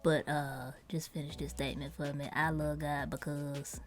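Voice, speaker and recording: Teasing woman with slight rasp. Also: deep voice, flat delivery, moderate pace, faint music behind. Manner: teasing, playful. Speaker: podcast host, sibling. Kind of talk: casual chat.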